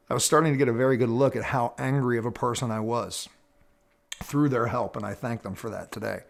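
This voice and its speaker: A middle-aged man talks straight to his viewers in an earnest, measured way. He tells a personal story with reflective pauses, and his voice sits at an ordinary pitch for a man. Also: fairly even intonation, vocal fry. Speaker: personal development teacher. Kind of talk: reflective personal talk to camera.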